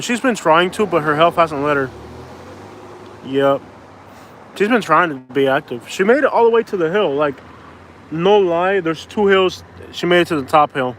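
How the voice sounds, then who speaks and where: A man's voice: on the high side, a bit bright, slight background noise. Rambling young man vlogging outdoors. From Florida. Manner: rambling, heavy use of "like", restarts. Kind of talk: casual walk-and-talk vlog. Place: outdoors on a street. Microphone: phone on a handheld stabilizer.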